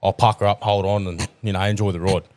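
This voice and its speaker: This one is low-pitched and quick, recorded without echo. An Australian tradesman and podcast co-host, he tells crude, expletive-packed stories in a lively, animated way on a laid-back show.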